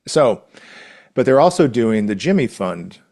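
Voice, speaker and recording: A podcast co-host chats casually, his medium-pitched, slightly mellow voice very animated and enthusiastic. He moves at a measured pace but rambles, restarting himself often.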